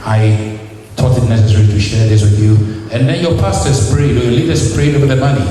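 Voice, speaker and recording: A man's voice: medium pitch, fairly even intonation, fairly quick, dark tone, slight background noise. A man preaching a sermon in a church, teasing the congregation and asking them questions. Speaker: visiting preacher. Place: church hall. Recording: distant echoey church hall recording.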